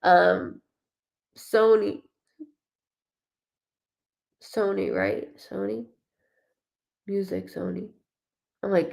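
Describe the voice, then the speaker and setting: Chatty woman psychic with vocal fry. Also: medium pitch, very slow, long pauses. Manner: animated, chatty, restarts often, acts out quoted voices. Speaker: psychic medium. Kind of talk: live psychic reading, relaying messages.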